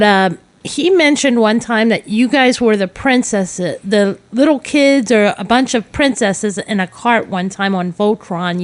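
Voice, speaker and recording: A woman hosting a radio talk show chats easily with her guest, friendly and conversational. She sometimes trails off mid-thought while she tries to remember something. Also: mid-range voice. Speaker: radio co-host. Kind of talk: casual interview chat.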